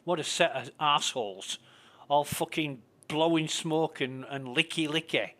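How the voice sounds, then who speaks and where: A man chats while he plays a game, venting in a loose, rambling way with plenty of swearing. His voice sits a little high for a man. He sounds indignant as he goes from one grumble to the next. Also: moderate pace, a bit bright. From Britain. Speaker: game streamer. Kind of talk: casual ranting commentary while gaming.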